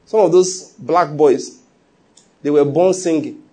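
Husky pastor preaching. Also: male voice, fairly high pitch, slow. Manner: animated storytelling, laughs often, acts out quotes. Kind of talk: sermon.

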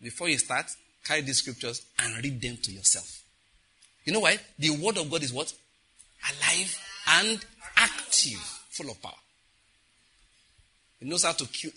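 A man preaching a sermon as pastor, animated, with asides and a husky voice. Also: mid-range voice, moderate pace, long pauses, a little hiss or hum, low-quality recording.

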